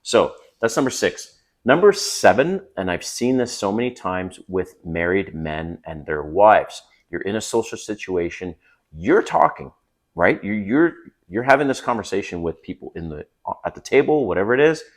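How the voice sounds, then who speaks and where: A middle-aged man with a low, deep voice gives dating advice to the camera. He talks in a casual, emphatic way and often checks in with his listener as he goes. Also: lively intonation, moderate pace.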